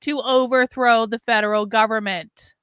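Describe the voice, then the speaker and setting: A woman's voice: on the high side, steady tone, moderate pace, a bit bright, clean tone, no echo, clean studio sound. A woman hosting a livestream commentary, blunt, sarcastic and profane. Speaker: livestream host.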